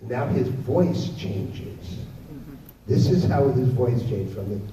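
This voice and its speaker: A man telling a story on a convention stage with dramatic pauses, acting out the voices. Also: mid-range voice, expressive, warm tone, slight background noise. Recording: echoey convention hall, far from mic, dull.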